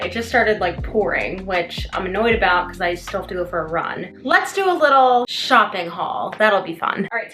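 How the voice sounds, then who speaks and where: Bright-voiced chatty young woman vlogger. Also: mid-range voice. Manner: chatty, lots of "like" fillers. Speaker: fitness vlogger. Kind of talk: casual vlog talk.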